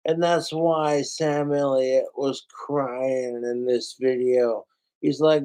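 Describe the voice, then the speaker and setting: Heated, profane man ranting slowly. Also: mid-range voice, steady tone, dark tone, clean tone. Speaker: podcast host. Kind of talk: casual ranting commentary.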